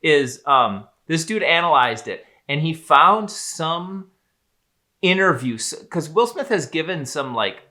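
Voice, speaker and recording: A man's voice: on the high side, big pitch swings, a little slow, bright, forceful tone. A man co-hosting a podcast, talking through his analysis in casual, rambling chat. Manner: rambling, emphatic, swears casually. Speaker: podcast co-host, psychologist.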